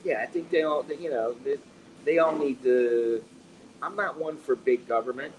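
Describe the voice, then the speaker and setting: American guy ranting at a cafe, swears a lot, keeps restarting, mid pitch, bit of cafe noise behind. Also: normal speed, darkish tone, far from the mic, rough recording. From United States. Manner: rambling, profane, restarts often. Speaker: vlogger. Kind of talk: casual chat.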